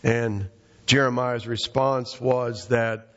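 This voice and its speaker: Male pastor, relaxed storytelling sermon, mid pitch, muffled reverberant hall. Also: normal speed. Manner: conversational, storytelling preaching with restarts. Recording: dull, echoey hall recording.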